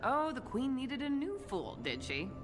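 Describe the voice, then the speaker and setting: An actress playing a sharp-tongued woman in a video game, delivering sarcastic, cutting put-downs. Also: sits high, big pitch swings, measured pace. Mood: scornful. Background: game music.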